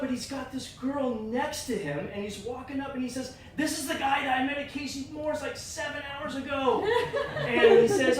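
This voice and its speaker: A middle-aged man giving a personal storytelling speech at a club meeting, animated and acting out the voices of the people in his story. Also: very high voice. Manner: animated, acts out quoted voices. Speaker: club speaker. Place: meeting room. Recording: echoey room from far off.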